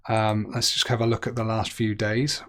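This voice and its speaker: A fairly low-voiced young man talks through a guessing game as he plays it. He thinks aloud in a loose, chatty way and makes light of his own misses. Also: level tone, normal speed, a bit bright. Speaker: game streamer. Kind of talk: gaming commentary.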